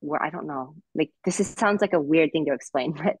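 A woman's voice: sits low, fairly quick, husky, no echo, low-quality recording. A woman in her thirties, a former figure skater, talking things through reflectively as a podcast guest, with many restarts and fillers. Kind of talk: podcast discussion.

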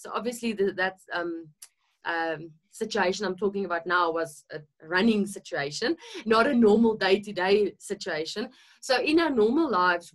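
A woman with a South African accent giving a chatty nutrition talk on a video call, using tag questions and fillers. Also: mid-range voice. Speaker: nutritionist co-hosting a webinar. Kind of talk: explanatory webinar talk.

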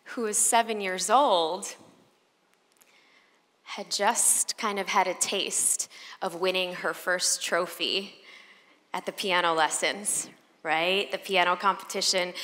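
A woman speaker from Chicago telling a personal story in an animated way to a live audience, acting out the voices of people in it. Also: fairly low pitch, slow. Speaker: motivational speaker. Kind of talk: storytelling keynote talk. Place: large event hall on stage. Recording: long reverb of a large hall.

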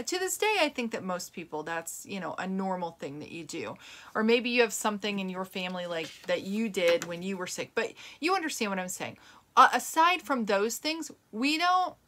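Her voice fairly high and fairly bright, a middle-aged host of a plant-based health show talks earnestly and casually to her camera audience and podcast listeners. She rambles, with fillers and restarts throughout.

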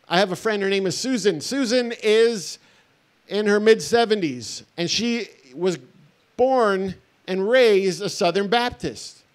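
A middle-aged man, a pastor, giving an earnest, conversational festival talk with wry asides. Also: high voice.

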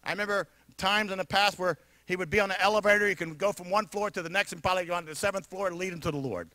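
A man with a New York area accent, preaching a sermon as pastor in an animated, emphatic way with frequent laughter. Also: high voice, racing, no room sound. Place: church sanctuary.

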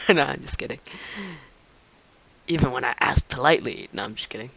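Excitable young man commenting on a game. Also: mid-range voice, fairly quick, gravelly, long pauses, no echo, rough recording. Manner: excitable, laughs often, shouts at opponents. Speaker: gameplay commentator. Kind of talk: live gameplay commentary.

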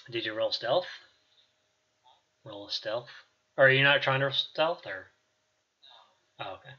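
A man's voice: mid-range voice, a little slow, breathy edge, lo-fi sound. A man narrating as game master of a tabletop game, talking casually and rambling, with many fillers.

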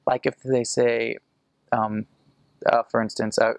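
An American man explaining casually, rambling with fillers and restarts, and slowing down to demonstrate sounds. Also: mid-range voice, level tone, gravelly, no room sound. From United States. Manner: demonstrates sounds slowly and carefully. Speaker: returned missionary explaining an accent.

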